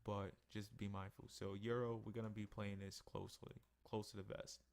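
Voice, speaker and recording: A man's voice: lowish voice, moderate pace, creaky. A tired man going over his trading charts in a casual weekly review, yawning between points. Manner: tired, yawning, relaxed and conversational. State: sleepy. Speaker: forex trading analyst. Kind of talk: casual screen-share market review.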